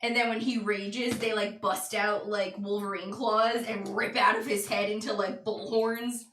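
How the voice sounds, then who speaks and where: A woman's voice: medium pitch, little pitch movement, a little slow, fairly bright tone, slight background noise. A woman player chatting playfully about her character, often giggling. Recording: roomy echo.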